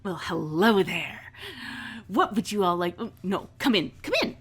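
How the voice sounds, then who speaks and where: Brash eccentric boss lady, grand and theatrical, lower voice, tabletop game, put on by a woman game master. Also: a little slow, slightly rough. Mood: welcoming.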